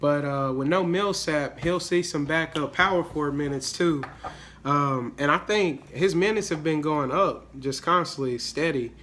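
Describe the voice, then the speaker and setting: A man's voice: a little high, measured pace, fairly bright tone, slight background noise. Hyped slangy man, a little sick. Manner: hyped, slangy, repeats words and says "man" often. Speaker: daily fantasy sports video host. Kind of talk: casual solo video commentary.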